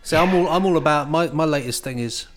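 A man's voice: fairly high pitch, fast, soft background music. A man co-hosting a podcast, joking playfully in casual chat, often restarting his sentences. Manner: playful, jokey, hesitant restarts. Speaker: podcast co-host.

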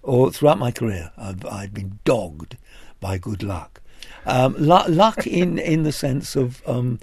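An older man speaks in a gravelly, husky voice with lots of pitch movement. He is an actor answering interview questions, hesitant and self-deprecating, chuckling now and then. The sound is dry and close. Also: expressive, slow pace, a little mellow, dry recording. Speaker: actor guest.

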